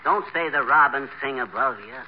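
A man's voice: medium pitch, normal speed, natural voice. A man playing a brash, boastful small-town husband in a 1940s radio comedy, full of folksy slang. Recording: old lo-fi radio broadcast with noise.

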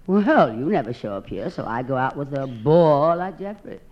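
A woman with a husky, theatrical drawl doing a sardonic, self-mocking comic monologue as one side of a phone call. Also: very deep voice, sing-song, moderate pace. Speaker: comedienne. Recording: dull old recording with loud hiss.

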